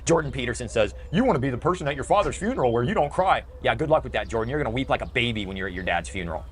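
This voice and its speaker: A man's voice: medium pitch, lively intonation, racing, slight background noise. A middle-aged man delivering an emotional, bitter ranting monologue in a video. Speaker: video commentator.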